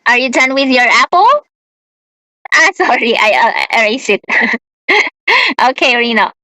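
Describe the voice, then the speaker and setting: A young woman teaches a beginner English lesson, speaking slowly and patiently and repeating each word. Her voice is high and bright. The sound is dry and close. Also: sing-song, dry recording, low-quality recording. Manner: slow, patient, repeats words, laughs often.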